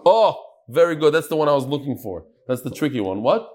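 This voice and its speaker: A man's voice: fairly high pitch, big pitch swings, brisk, darkish tone. Man, Talmud teacher, sing-song reading, quizzes students, close mic. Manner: questions students and sing-songs the quoted text. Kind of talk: Talmud class lesson.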